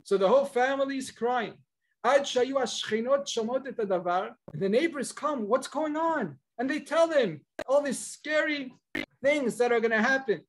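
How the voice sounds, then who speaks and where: Male rabbi, very high voice, Torah lesson, quotes texts, then explains them vividly. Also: moderate pace. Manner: retells sources with lively storytelling and translation; cites Hebrew and Aramaic texts, then explains. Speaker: rabbi, guest speaker.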